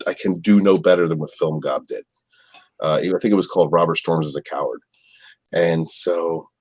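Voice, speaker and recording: Low-voiced rambling man, crude chat. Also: breathy edge, dry recording. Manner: crude, rambling, stammers and restarts, laughs a lot. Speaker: guest on a podcast.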